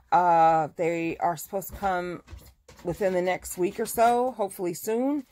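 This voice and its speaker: A woman's voice: medium pitch, darkish tone, no room sound. A woman who owns a fabric shop, chatting through a casual live showcase of her fabrics. She gushes over the prints and corrects herself mid-sentence.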